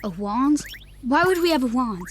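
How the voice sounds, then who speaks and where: High flustered kid voice, earnest little boy, kinda indignant, a guy putting it on. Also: animated, moderate pace, a bit bright, slight background noise.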